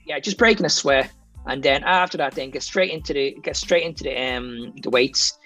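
A man's voice: mid-range voice, moderate pace, pushed and bright, soft background music. A man with an Irish accent, a fitness coach talking as a podcast guest, explaining training advice plainly from his own experience. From Ireland. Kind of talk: casual podcast chat.

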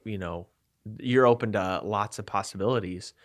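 A man's voice: on the low side, normal speed. A man co-hosting a casual podcast chat, reflective and thinking aloud as he talks. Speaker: podcast co-host.

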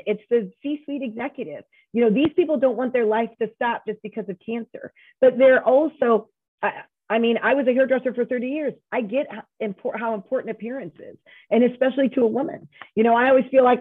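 A woman's voice: a little high, breathy edge, no room sound. A middle-aged woman, a nonprofit founder, telling her story emphatically as a guest in an interview. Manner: emphatic, storytelling, frequent restarts. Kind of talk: interview conversation. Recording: tinny dry phone line.

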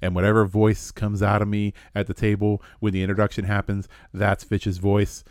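A man's voice: fairly low pitch, normal speed, no room sound, clean studio sound. A man co-hosting a tabletop gaming podcast, chatting casually and poking fun at himself with laughs. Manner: animated, self-mocking, laughing. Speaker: podcast co-host. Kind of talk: casual chat.

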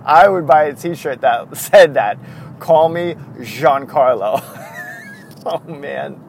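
A man's voice: fairly high pitch, takes it slowly, creaky, a little hiss or hum. A man hosting a casual solo podcast, rambling, wandering off on tangents and chuckling often. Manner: chuckles often, many fillers. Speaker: podcast host.

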